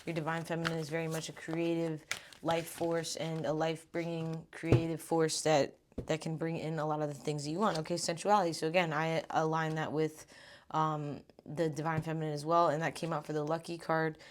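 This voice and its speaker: A young woman with a low voice reads tarot cards in a loose, chatty way. She talks informally, a little out of breath, and drops the odd swear word along the way. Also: level tone, brisk, noisy background. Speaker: tarot reader. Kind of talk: casual tarot reading.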